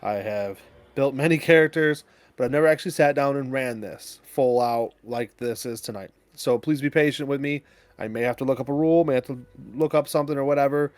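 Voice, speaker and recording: A man acting as game master who explains the rules and setting in a relaxed, conversational way with many fillers. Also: mid-range voice, a little fast, no echo.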